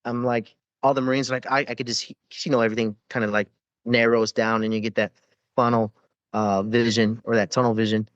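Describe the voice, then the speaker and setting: A man's voice: medium pitch, flat delivery, brisk, no echo, highs cut off. A man, a former Navy corpsman, telling rambling war stories with lots of swearing and fillers in a casual podcast interview.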